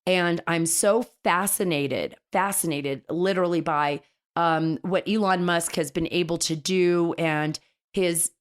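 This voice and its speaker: A woman's voice: fairly low pitch, steady tone, a little slow. A woman hosting a political talk show, speaking in an enthusiastic, chatty way with frequent restarts. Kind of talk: casual political radio commentary.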